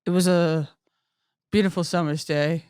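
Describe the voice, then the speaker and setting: A woman's voice: on the low side, steady tone, darkish tone, clean tone. A woman hosting a comedy podcast, chatting casually, joking and laughing often. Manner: giggly, jokey, quick to laugh. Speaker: podcast host.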